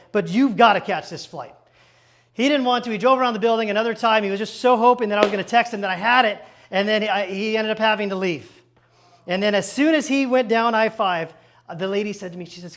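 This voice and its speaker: A male pastor telling a lively personal story from the pulpit, acting out the dialogue and turning to the congregation with quick asides. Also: high-pitched. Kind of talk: storytelling sermon. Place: church stage.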